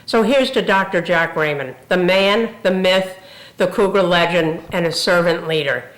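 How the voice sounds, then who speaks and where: A woman's voice: fairly low pitch, moderate pace. An older woman, a retired university president, telling funny stories in a tribute speech. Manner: warm humorous storytelling. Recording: roomy echo.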